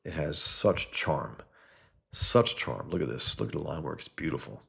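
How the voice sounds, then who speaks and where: A man's voice: rumbling low, expressive, normal speed, gravelly, pushed and bright, slightly rough. A man hosting a casual livestream, talking enthusiastically about comic art and reading chat messages aloud, with blunt profane asides.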